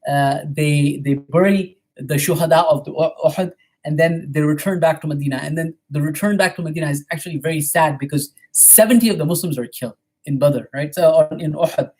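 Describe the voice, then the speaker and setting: A man giving a storytelling history lecture at a mosque, retelling events quickly and often checking in with "right?". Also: fairly high pitch, a little mellow.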